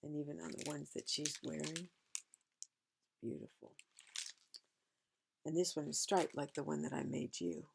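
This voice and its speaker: A woman's voice: sits low, steady tone, normal speed, vocal fry, long pauses, darkish tone, a little hiss or hum. A woman reading a picture book aloud to a child, chatting about the pictures as she goes.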